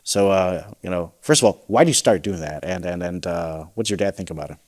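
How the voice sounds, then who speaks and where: A man's voice: deep voice, a little fast, darkish tone. A man hosting an interview, asking eager questions full of fillers and restarts. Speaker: interview host. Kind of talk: casual interview chat.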